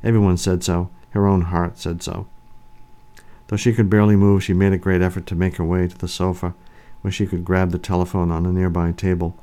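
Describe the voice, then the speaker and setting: A man narrating an audiobook in a measured, even way. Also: sits low.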